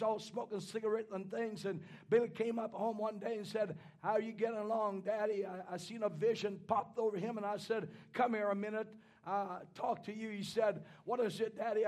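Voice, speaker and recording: High-voiced preacher who bursts into shouting. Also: male voice. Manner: impassioned, rising into shouts, halting repetitions. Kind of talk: sermon.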